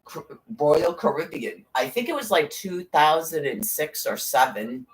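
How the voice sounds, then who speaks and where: A woman's voice: low-pitched, big pitch swings, unhurried. A middle-aged woman in casual chat, rambling, blunt and profane, with sarcastic asides. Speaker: podcast host.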